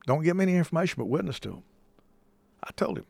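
A man's voice: fairly high pitch, lively intonation, fast, vocal fry, darkish tone, no room sound. A man hosting a call-in show, talking in an emphatic, folksy way and repeating himself for stress, with touches of a preacher. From United States. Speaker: host taking calls. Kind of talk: casual on-air talk with preacherly touches.

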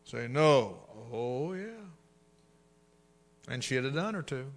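A middle-aged male pastor preaching a sermon, swinging from hushed asides to loud, emphatic bursts. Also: mid-range voice, expressive, slow pace.

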